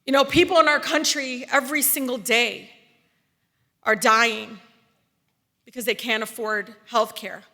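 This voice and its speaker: A woman, giving an impassioned political speech from a podium, rising to loud, emphatic peaks. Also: a little high, fairly even intonation, measured pace, long pauses. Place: large hall. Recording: long reverb of a large hall.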